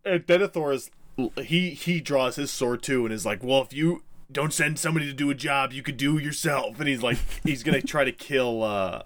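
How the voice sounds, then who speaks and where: A man chats casually on a podcast, retelling scenes with swearing and jokey quoted lines. His voice sits at an ordinary pitch. The sound is close and dry with no room around it. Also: normal speed, dry recording. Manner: animated, profane retelling with playful put-on quotes. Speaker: podcast co-host. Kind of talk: casual book-club chat.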